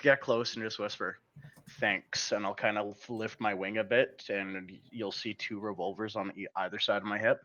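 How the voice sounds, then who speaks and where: A man playing a tabletop role-playing game, describing his character's moves in a halting way. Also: lowish voice, fairly even intonation, a bit bright, lo-fi sound. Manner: halting, restarts a lot, laughs often. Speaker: player.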